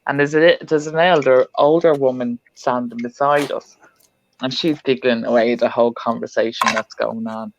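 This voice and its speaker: A woman's voice: a bass voice, steady tone, normal speed, a little mellow, a little hiss or hum. A woman hosting a craft livestream, chatting casually and laughing as she tells a funny story, heard through a computer mic on a video call. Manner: chatty, laughs often while telling a story. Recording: dull lo-fi livestream audio.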